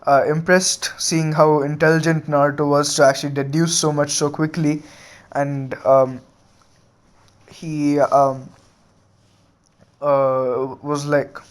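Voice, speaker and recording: Young guy rambling thru a fan story, lots of uhs, flat voice, kinda high. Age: young adult. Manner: halting, full of fillers and restarts. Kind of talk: improvised story retelling.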